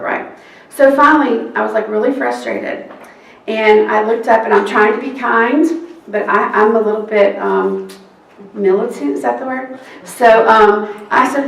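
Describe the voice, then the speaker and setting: A woman tells a work story to a seminar crowd, her voice set a little high and slipping into the other people's lines as she goes. She sounds a way off from the mic, and the room adds a roomy echo. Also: moderate pace, gravelly, distant mic. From Texas. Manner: animated storyteller acting out quoted exchanges. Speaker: court reporter. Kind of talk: anecdote told to an audience.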